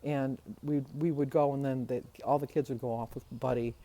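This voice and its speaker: A woman's voice: rumbling low, steady tone, normal speed, dark tone. An older woman, a grandmother, chatting casually in her daily vlog and telling stories with frequent laughs. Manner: chatty storytelling, laughs often. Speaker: vlogger.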